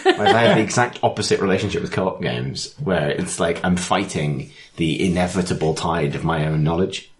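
A man's voice: low-pitched, sing-song, brisk. A man co-hosting a casual podcast about games, rambling and hunting for words with lots of fillers. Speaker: podcast co-host.

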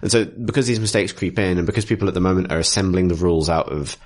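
A man with a very low voice talks through tabletop game rules at length in a casual chat. He rambles, restarts sentences and fills pauses while piling up detail. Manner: rambling, detailed explainer with frequent fillers and restarts.

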